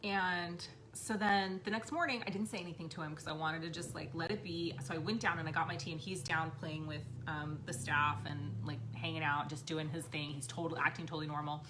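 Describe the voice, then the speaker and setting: A live stream host and spiritual medium in her thirties shares a personal story in a chatty, foul-mouthed way, saying "like" and "right" constantly. Her deep voice stays steady and brisk with few pauses, and background noise is audible.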